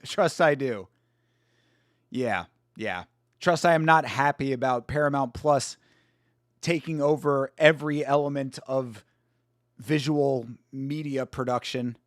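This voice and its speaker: A man's voice: medium pitch, no echo, clean studio sound. A young man hosting a live fight watch-along stream, chatting casually, swearing and greeting viewers by name.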